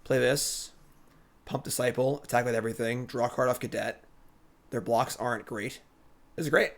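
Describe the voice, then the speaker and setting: A man streaming a digital card game, thinking aloud in a relaxed, chatty commentary. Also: medium pitch, moderate pace.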